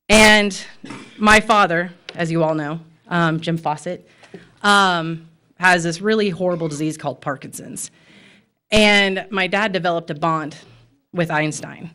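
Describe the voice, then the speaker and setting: At a city commission meeting, an American pet store owner gives public comment, impassioned and emotional, with frequent fillers. Her voice is lowish with a fairly bright tone.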